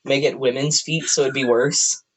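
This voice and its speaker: A man co-hosts a podcast from a room at home, rambling, joking, laughing often, and dropping into a deep voice for stories. His tone is steady and fairly bright at normal speed, though the recording is low quality.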